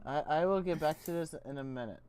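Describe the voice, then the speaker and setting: A woman's voice: deep voice, fast, a little mellow, a little hiss or hum. A tipsy woman streaming a game from home, talking loosely with swearing. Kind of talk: casual chat while gaming.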